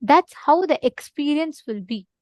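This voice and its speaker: Woman, high voice, dry close sound, earnest spiritual teacher who repeats her points. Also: expressive, unhurried, a little mellow, no echo. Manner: earnest, repeats for emphasis, asks listeners to respond. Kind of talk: online teaching session with a story.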